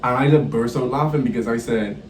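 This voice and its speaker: Young male vlogger, lively storyteller, mid-pitched, recorded off-mic in a roomy space. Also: fairly quick, distant mic, a little hiss or hum. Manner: animated, laughing storyteller with swings in pitch. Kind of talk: casual storytelling.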